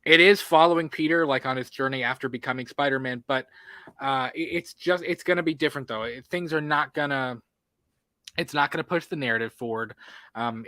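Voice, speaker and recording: Bright, dry-voiced man chatting movies. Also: medium pitch, no echo. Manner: animated, filler-heavy, quick asides. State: has the hiccups. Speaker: podcast co-host. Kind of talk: casual movie podcast chat.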